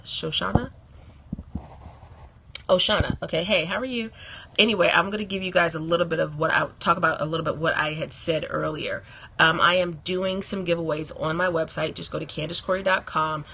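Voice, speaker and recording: A woman's voice: sits low, creaky, sharp tone, slight background noise. A woman hosting a casual live stream from her phone, chatting and laughing often and greeting viewers by name.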